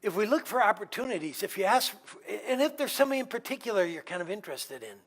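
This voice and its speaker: Bright-voiced middle-aged pastor telling stories. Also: male voice, sits high, very animated, quick pace. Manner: humorous, anecdotal, conversational. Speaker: guest pastor. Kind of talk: storytelling sermon. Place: church.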